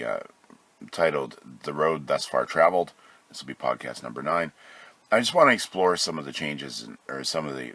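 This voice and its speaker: A man with a very low, husky voice talks through a casual solo podcast from home. He sounds sick, and he drifts along with frequent fillers and restarts, correcting himself as he goes. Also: fairly bright tone. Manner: loose, hesitant, many fillers and self-corrections. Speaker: podcast host.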